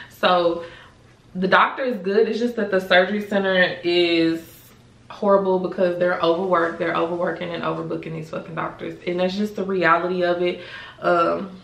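A woman's voice: lowish voice, vocal fry, distant mic. A young woman telling a story in a casual vlog, candid and profane, saying "like" constantly. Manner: candid and profane, heavy filler "like". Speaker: vlogger. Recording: roomy echo, voice set back from the mic.

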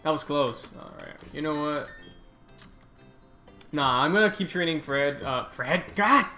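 Give me an excitable male gaming host rambling over gameplay, lively pitch and a bright tone. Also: a little slow, soft background music. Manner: excitable, rambling, swears and groans at the game. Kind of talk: casual gameplay commentary.

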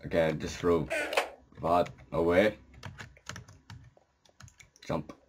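A man's voice: deep voice, steady tone, measured pace. A man with a groggy morning voice, giving casual, rambling commentary while he plays a game. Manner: rambling, casual, swears when startled. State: groggy morning voice, just out of bed. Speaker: gameplay commentator. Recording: noisy home mic with keyboard clicking.

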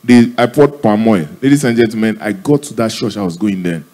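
Give me a deadpan Nigerian stand-up comic telling a story live on stage. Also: male voice, lowish voice, a little fast. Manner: deadpan storytelling, acting out dialogue. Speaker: stand-up comedian.

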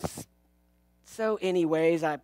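Soft music plays behind a man preaching in a church sanctuary, his voice a little high and darkish, his pace slow. As pastor, he gives a humorous sermon, telling jokes and stories and acting out the characters' lines.

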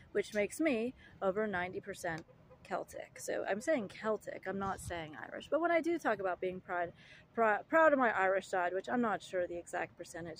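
A woman's voice: medium pitch, a little hiss or hum, rough recording. A woman delivering an indignant, argumentative monologue, full of rhetorical questions, fillers and restarts. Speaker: vlogger.

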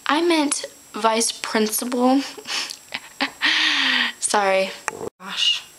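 A teenage girl chats to her webcam in a bright, sharp voice. She is giggly and rambling, and often stops herself to fix a slip of the tongue. Faint noise sits under the recording. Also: on the high side, lively intonation, extremely slow, poor audio. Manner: chatty, giggly, corrects her own slips. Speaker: vlogger. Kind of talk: casual chat to camera.

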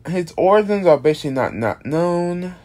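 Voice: medium pitch, lively intonation, normal speed, a little mellow. A casual video creator explaining an original monster character, rambling with many restarts and casual swearing, sounding tired. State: tired, yawning.

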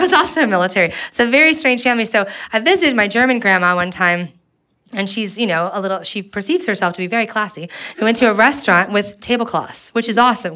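A woman comedian doing stand-up on a live stage, telling her stories in a wry, animated way. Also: medium pitch, clean tone.

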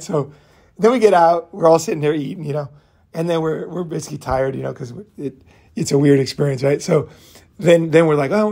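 Gravelly-voiced rambling man. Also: a little high, a little mellow. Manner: rambling storytelling with frequent profanity and fillers. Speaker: podcast host. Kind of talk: casual monologue.

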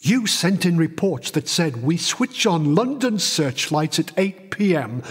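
A man doing a tired stern army major, slow and up and down, slightly husky, long echo on it. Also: a little high, sing-song, exaggerated voice. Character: stern middle-aged male army major. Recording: long reverb.

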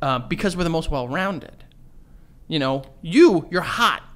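A man's voice: fairly high pitch, expressive, unhurried, a bit bright. A young man co-hosting a podcast, chatting casually, swearing, teasing and acting mock-outraged. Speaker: podcast co-host. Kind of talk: casual chat.

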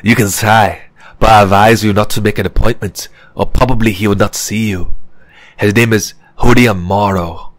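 A man's voice: lowish voice, fairly even intonation, normal speed, no echo, close to an everyday voice. Audiobook: fussy gossipy professor type, precise and sly, voiced by a male reader. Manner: confiding, precise and slightly sarcastic. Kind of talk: audiobook character reading.

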